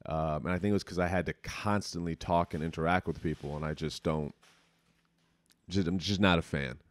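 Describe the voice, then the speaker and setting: Deep-voiced young man, candid and rambling. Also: fairly even intonation, fairly quick. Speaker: podcast host. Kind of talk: casual chat.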